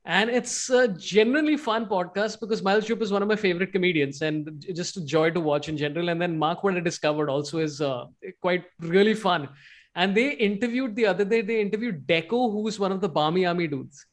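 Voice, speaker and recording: A man's voice: high-pitched, a little fast. A man hosting a casual cricket chat show, talking in a loose, rambling way with many fillers and restarts. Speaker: podcast host.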